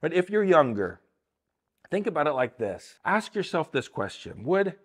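Older guy doing a bible teaching talk, kinda high voice, earnest, says "right?" a lot. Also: sing-song, normal speed. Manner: earnest, repeats words, keeps asking "right?". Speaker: Christian teacher.

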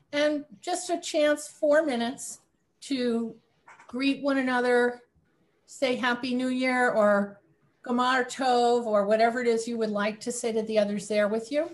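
A woman leading an online religious service over a video call, inviting people in a gentle, unhurried way. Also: fairly high pitch. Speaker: service leader.

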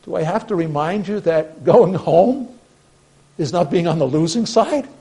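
A male pastor delivering a sermon in a notably high voice. He speaks with earnest conviction, pressing hard on key phrases and then dropping almost to a murmur. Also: animated, measured pace, slightly rough, poor audio. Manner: earnest preaching, swings from emphatic to hushed.

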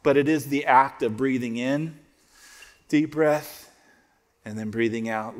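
A man preaching a sermon as pastor, conversational and joking, dropping to soft prayerful tones. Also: mid-range voice, fairly even intonation, unhurried, in a large hall. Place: church auditorium.

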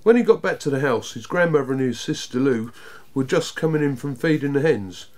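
A man reading a children's book aloud, narrating in an expressive, lively way. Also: mid-range voice, brisk. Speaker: storyteller.

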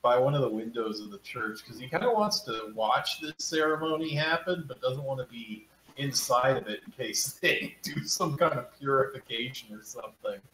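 Lively man player, roomy echo. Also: medium pitch, normal speed. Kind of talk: casual game chat. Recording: roomy echo with faint noise.

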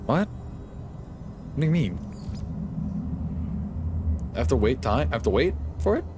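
A man streaming live gameplay, talking to himself in excitable bursts, swearing and jumping up into high-pitched yelps. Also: slow pace, noisy background. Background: game music.

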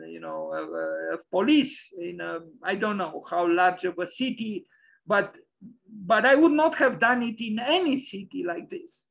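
Gravelly, hesitant male lecturer. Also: sits high, fairly bright tone, poor audio. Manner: hesitant, many fillers, opinionated. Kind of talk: lecture over slides.

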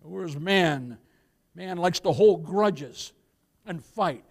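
A male pastor preaching a sermon in a church, emphatic, calling out to the congregation and swinging between loud emphasis and quiet asides. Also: high-pitched, lively intonation, normal speed.

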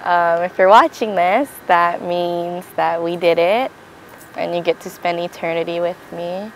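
Young woman, lowish voice, chatty and teasing as she tells how they met. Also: fairly even intonation, unhurried, a little hiss or hum, low-quality recording. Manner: playful, acts out quotes, affectionate. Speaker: bride-to-be interviewed for an engagement video. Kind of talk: casual storytelling interview.

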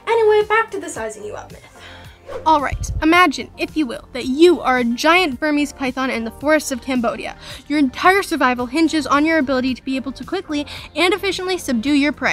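A young woman hosting an educational video, explaining things in a lively, playful and sarcastic way with dramatic emphasis. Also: high voice. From Canada. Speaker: reptile educator and channel host.

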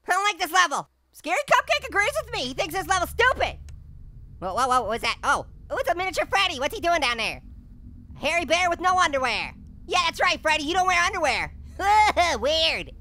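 A man voicing a hyper, wisecracking male talking orange who hosts a cartoon gaming let's-play, with punning, jumpy, giggly commentary and a squeaky voice. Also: bright, forceful tone, a little hiss or hum, heavily acted. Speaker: gaming host.

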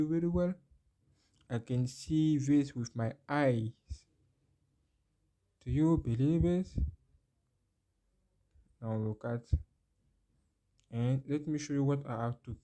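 A man's voice: mid-range voice, unhurried, dark tone. A man hosting a phone tech tutorial, walking the viewer through steps, repeating phrases and exclaiming over the results. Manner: addresses viewer directly with questions. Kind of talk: screen-recorded how-to walkthrough.

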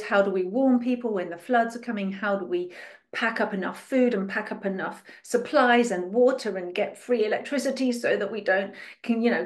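A woman delivering a spiritual teaching talk at a mid pitch. She piles up rhetorical questions and plays out the worries of the people she describes. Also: a little mellow. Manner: dramatizes and acts out other people's voices.

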